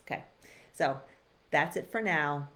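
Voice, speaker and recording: A woman's voice: deep voice, expressive, measured pace, fairly bright tone. Chatty woman giving frank advice. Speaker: host. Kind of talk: casual live-stream advice talk.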